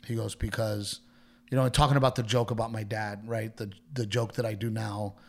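Animated male comedian telling stories. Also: on the low side, a little fast. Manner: animated storyteller who quotes others in their voices, swears. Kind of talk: casual chat, storytelling.

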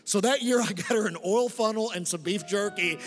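A middle-aged man preaching with a fairly high voice, lively and joking, calling out to the congregation for amens. His voice carries a long hall reverb, with soft music faintly underneath. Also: a little fast. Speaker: pastor. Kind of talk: preaching a sermon. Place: church sanctuary.

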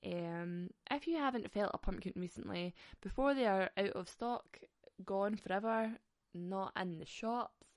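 A woman's voice: mid-range voice, a little slow, no room sound, studio quality. A woman, hosting a podcast and ranting in a casual, comic monologue, often giggling and swearing. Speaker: podcast host.

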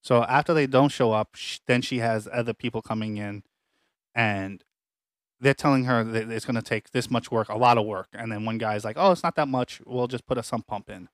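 A man's voice: medium pitch, normal speed, dry recording. Man telling a story, casual and dry. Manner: rambling, frequent restarts, animated retellings. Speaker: podcast co-host. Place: home apartment.

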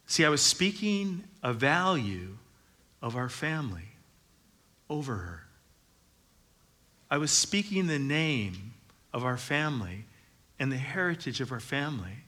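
A man's voice: medium pitch, sing-song, a little slow, pauses often, sharp tone. A middle-aged man preaching a sermon as pastor, conversational with joking asides, building to emphatic declarations.

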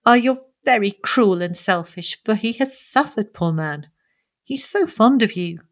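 A woman's voice: mid-range voice, lively intonation, normal speed, fairly bright tone. A woman reading the part of a young society woman, earnest and emotional, pleading and reproachful by turns. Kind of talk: audiobook character reading.

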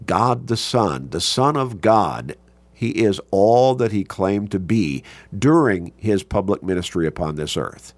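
A man teaching a Bible class, reading scripture aloud and explaining it slowly, stretching key words for emphasis. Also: sits low, no room sound.

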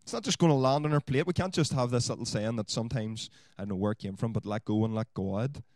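A man preaching a sermon, swinging from loud exhortation to quiet asides. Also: medium pitch, quick pace, no room sound. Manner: animated, rising to loud exhortation then dropping to quiet asides.

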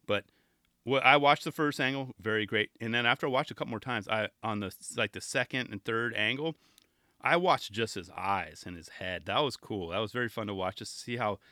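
A man's voice: fairly low pitch, brisk, bright, forceful tone, no echo, clean studio sound. A man hosting a podcast on his own, chatting casually and enthusiastically, often restarting his sentences. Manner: rambling, enthusiastic, self-interrupting. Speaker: podcast host. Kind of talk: casual solo podcast talk.

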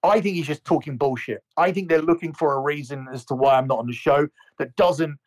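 A man's voice: a little high, fairly quick, few pauses, a little mellow. A man co-hosting a podcast, ranting in a heated, profane way and often repeating words. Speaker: podcast co-host. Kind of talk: heated casual podcast rant.

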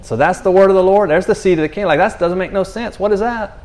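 A man telling a faith story in an animated, rambling way, often restarting and saying "you know". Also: high voice, quick pace. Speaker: speaker sharing a faith testimony. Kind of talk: casual spoken testimony.

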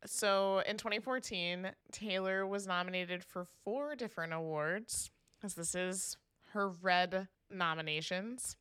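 A woman's voice: lowish voice, clean tone, no echo, studio quality. A young woman co-hosting a podcast, talking as an enthusiastic fan in casual chat. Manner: enthusiastic fan, lively and expressive. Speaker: podcast co-host.

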